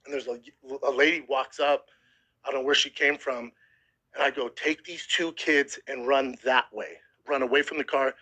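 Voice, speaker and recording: A man's voice: medium pitch, normal speed, rough recording. A man in his thirties telling a harrowing story in casual, profane podcast chat, close to tears at times. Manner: profane, animated retelling with acted quotes. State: emotional, near tears. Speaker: podcast host.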